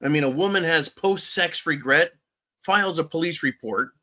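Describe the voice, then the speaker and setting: A man rants through his own commentary show with a slightly high voice. He swears constantly, circles back over the same points and throws in sarcastic jabs. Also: moderate pace, pushed and bright. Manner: angry, heavily profane, repetitive; sarcastic asides. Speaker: channel host. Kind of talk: ranting political commentary.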